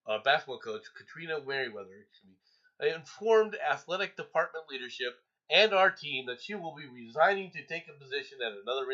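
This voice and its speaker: Male host, casual news chat, sharp bright voice, a little high. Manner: animated, exclaiming, reads headlines. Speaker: podcast host. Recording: dull lo-fi sound.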